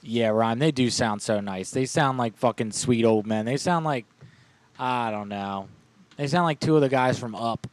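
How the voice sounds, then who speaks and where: A man's voice: mid-range voice, moderate pace, no echo. Profane joking male podcast host. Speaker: podcast host and prank caller. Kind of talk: casual comedy chat.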